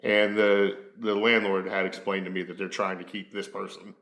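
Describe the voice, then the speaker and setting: A man, a locksmith guest, telling a job story at an unhurried pace with many pauses. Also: deep voice, flat delivery, vocal fry, a bit bright. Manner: unhurried, halting, with fillers. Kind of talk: casual podcast storytelling. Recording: roomy echo.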